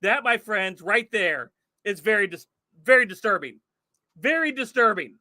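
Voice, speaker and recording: High, bright-voiced man hosting a stream. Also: animated, moderate pace, no room sound, clean studio sound. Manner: exclaiming, incredulous, laughs often. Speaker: livestream host. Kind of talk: livestream commentary.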